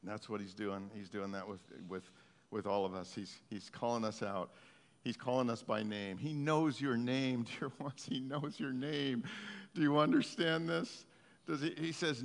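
A man's voice: mid-range voice, a little slow. Earnest male preacher in reverberant hall. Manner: earnest, heartfelt storytelling. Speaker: pastor. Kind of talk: sermon.

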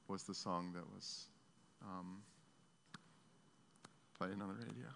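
A male pastor preaching a sermon, telling a story in an earnest, halting way. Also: low-pitched, steady tone, vocal fry, fairly bright tone. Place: church sanctuary. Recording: long hall reverb.

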